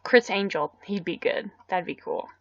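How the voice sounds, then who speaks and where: A woman's voice: lowish voice, moderate pace, creaky, highs cut off. A woman hosting a live stream, rambling casually and answering viewer comments aloud.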